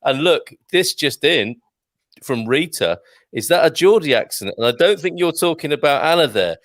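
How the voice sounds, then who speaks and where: A man's voice: fairly high pitch, animated, moderate pace, fairly bright tone, no room sound. A man hosting a casual online gardening show over a video call, chatty and laughing often as he reads out viewer messages. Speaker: host. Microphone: video call mic.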